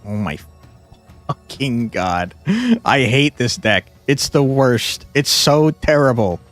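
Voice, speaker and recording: A man's voice: mid-range voice, takes it slowly, a bit bright, faint music behind. A man streaming a card game, giving casual gameplay commentary, often exasperated, swearing and laughing.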